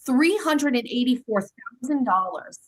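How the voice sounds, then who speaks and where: A woman's voice: on the high side, expressive, normal speed, poor audio. A young adult woman, hosting her show in a heated, profane monologue, repeating herself as she pushes back at critics. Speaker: show host.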